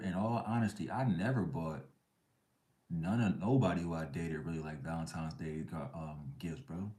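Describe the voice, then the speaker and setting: A man's voice: low voice, darkish tone, echoey room. A man hosting a live chat stream, ranting bluntly in heavy slang. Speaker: livestream host.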